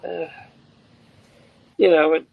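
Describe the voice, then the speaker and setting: This is an older man speaking as a tearful, grieving father. His voice sits a little high and keeps breaking. He talks haltingly and circles back over the same words. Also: little pitch movement, vocal fry, slightly rough, dry recording, narrow, tinny audio. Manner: halting, repeats himself, voice breaking. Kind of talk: emotional interview talk.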